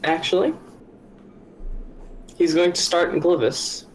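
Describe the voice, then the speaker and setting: A man's voice: on the high side, takes it slowly, slight background noise, rough recording. A man playing a tabletop game, chatting casually and describing his character as he thinks aloud.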